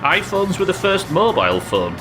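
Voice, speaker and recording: A man's voice: high voice, big pitch swings, normal speed, poor audio. A man streaming a game live, chatting, joking and reading out viewer comments. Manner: chatty, reads chat aloud, jokey. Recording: game music behind.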